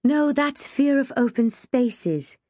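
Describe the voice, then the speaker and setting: A woman's voice: mid-range voice, steady tone, normal speed, warm tone, slightly rough, no echo, studio quality, close to an everyday voice. A woman voicing a know-it-all teenage schoolgirl who speaks with authority. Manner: authoritative, matter-of-fact.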